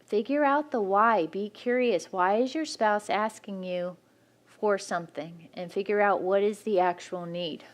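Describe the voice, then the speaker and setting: A woman's voice: mid-range voice, measured pace. A woman speaking frankly and practically at a church marriage workshop, teaching couples.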